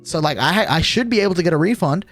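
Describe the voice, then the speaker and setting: A man's voice: a little high, lively intonation, very fast, a bit bright, faint music behind. A young man streamer telling a storytime on a livestream, exasperated and swearing a lot, with frequent restarts.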